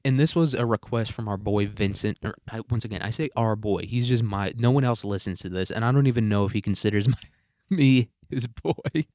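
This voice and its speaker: A man's voice: on the low side, fast talker, few pauses, darkish tone, no room sound, studio quality. A young man hosting a solo podcast, rambling and self-mocking with crude humor. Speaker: podcast host.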